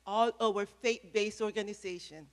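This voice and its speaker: Speaking unhurriedly at a podium microphone, a woman with a medium-pitched voice and fairly even intonation gives an emphatic, passionate speech at a press event. She repeats phrases before an audience in an event room.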